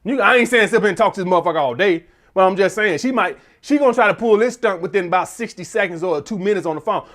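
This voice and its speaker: A man's voice: high voice, fast talker, few pauses, a bit bright. A man giving blunt, profane dating advice in a casual monologue.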